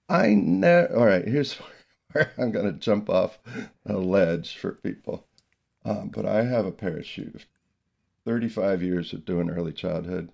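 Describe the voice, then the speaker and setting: A middle-aged man hosting a podcast about music teaching, chatting casually and telling animated stories with frequent laughter. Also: on the low side, measured pace, vocal fry, highs cut off. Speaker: podcast host, early childhood music teacher.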